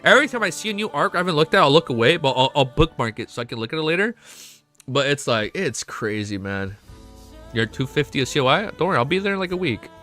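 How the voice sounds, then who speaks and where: A young male streamer talking to his chat in a lively voice that swoops up and down. His tone is bright and forceful, and he curses freely as he gets worked up. Faint music plays behind him. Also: on the high side, quick pace. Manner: excitable, swears often, emotional swings. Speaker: livestreamer. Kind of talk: casual live stream chat.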